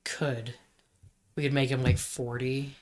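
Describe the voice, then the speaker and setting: A man's voice: mid-range voice, a little slow, fairly bright tone. A man in his twenties co-hosting a podcast, thinking aloud in a hesitant way. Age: 20s. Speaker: podcast co-host. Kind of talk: casual brainstorming chat.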